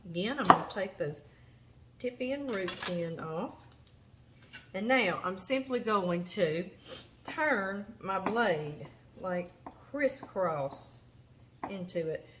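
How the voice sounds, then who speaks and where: A woman's voice: mid-range voice, animated, slow pace. A woman with a Louisiana accent, hosting a home cooking show, chatting in a folksy way as she demonstrates knife work in her kitchen. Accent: Southern US, Louisiana. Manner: chatty, folksy, talks to the vegetables. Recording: chopping and kitchen noise behind.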